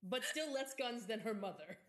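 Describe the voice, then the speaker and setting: Wry woman player, fairly high voice. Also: expressive, moderate pace. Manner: playful, wry. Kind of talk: tabletop role-play chat. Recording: roomy echo.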